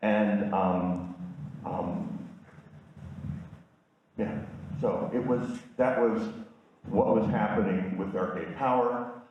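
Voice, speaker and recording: A man's voice: fairly low pitch, takes it slowly, long pauses, a little hiss or hum. Self-deprecating older man telling his story. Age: 60s. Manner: candid, self-deprecating humor. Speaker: speaker at a community event. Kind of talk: personal storytelling talk with slides. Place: community event room. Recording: echoey, distant, dull room sound.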